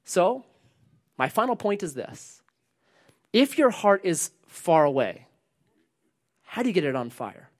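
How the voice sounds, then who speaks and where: A man preaching a sermon, animated, swinging between loud emphasis and hushed lines and asking the congregation questions. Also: high-pitched, measured pace, pauses often. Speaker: pastor.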